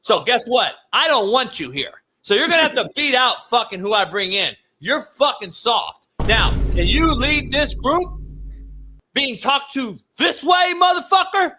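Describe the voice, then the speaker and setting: A crude, profane football coach tears into a young quarterback. His voice sits a little high and swings widely as he builds to shouted insults, as a man acts him out. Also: lively intonation, normal speed, hardly any pauses, noisy background. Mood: berating. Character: male football coach berating a rookie quarterback, crude and harsh.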